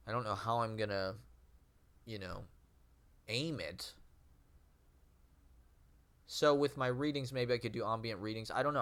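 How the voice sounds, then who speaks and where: Rambling man with a low, nasal voice. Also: a bit bright, smooth. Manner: rambling and self-questioning, laughs often, many fillers. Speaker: vlogger and aspiring street poet. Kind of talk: rambling casual monologue.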